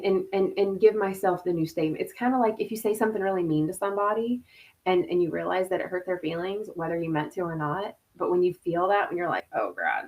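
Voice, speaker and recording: A woman's voice: on the low side, vocal fry, darkish tone. A woman hosting a casual live stream from home over a video call, chatty and laughing, full of "like" and "y'all". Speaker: host.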